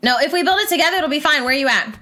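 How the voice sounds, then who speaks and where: A young woman hosting a gameplay session, chatting casually and exclaiming loudly when things go wrong. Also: high-pitched, expressive, rapid-fire, slight background noise. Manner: exclaims and squeals when in trouble. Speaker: gaming channel host. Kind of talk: excited casual gameplay chat.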